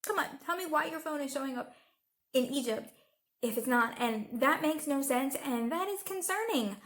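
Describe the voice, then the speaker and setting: A woman's voice: sits high, expressive, moderate pace, a bit bright. A woman YouTube commentator reacting to a clip in a casual, sarcastic and exasperated way.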